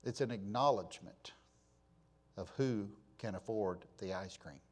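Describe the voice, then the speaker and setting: Older pastor preaching with rising passion. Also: male voice, fairly low pitch, a little slow, a little mellow. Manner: building from conversational to impassioned crying out. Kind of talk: sermon.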